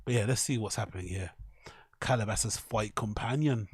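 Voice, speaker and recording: A man's voice: lowish voice, fairly quick, slightly rough, dry recording, clean studio sound. Profane man riffing on clips. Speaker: streamer host. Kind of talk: casual stream commentary.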